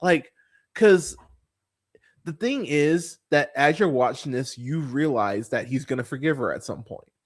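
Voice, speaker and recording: A man's voice: medium pitch, animated, unhurried. A man hosting a movie podcast, ranting about a film in a casual, profane, exasperated way, often stumbling and repeating words. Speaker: podcast host. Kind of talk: casual movie review rant.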